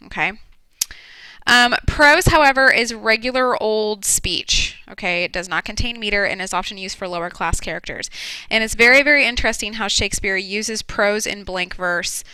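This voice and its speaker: Woman teacher, relaxed lecture delivery with lots of ums; crisp, bright tone, dry close sound. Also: mid-range voice, moderate pace, dry recording, poor audio. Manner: casual, frequent ums, explanatory. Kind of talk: classroom lecture video.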